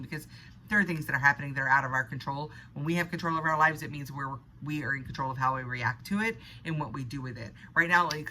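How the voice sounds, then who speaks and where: A woman's voice: sits low, bright, forceful tone, slight background noise, low-quality recording. A woman in an unscripted motivational monologue, talking earnestly and conversationally, sometimes laughing at herself. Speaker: spiritual vlogger.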